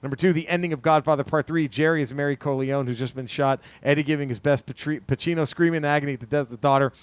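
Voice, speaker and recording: A man's voice: on the high side, steady tone, very fast, clear, resonant tone, dry recording. A man co-hosting a podcast, reading listener submissions aloud in a crude, jokey way and laughing at them. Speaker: podcast co-host.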